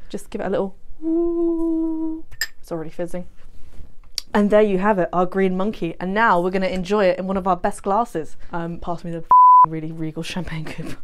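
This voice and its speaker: A woman's voice: medium pitch, fairly even intonation, fairly quick, slight background noise. A young woman hosting a cocktail tutorial, playful and cheeky, swearing freely as she talks viewers through the drinks. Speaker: bartender host.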